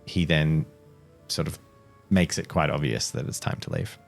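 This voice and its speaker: A man narrating a tabletop game as game master, in a relaxed, hesitant way. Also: rumbling low, normal speed, creaky, faint music behind.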